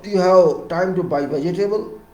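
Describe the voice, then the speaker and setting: A man with an Indian English accent lectures on civil engineering in a high-pitched voice at a moderate pace, emphatic and repeating his words while his volume swings from loud to soft. The room is echoey and the recording rough.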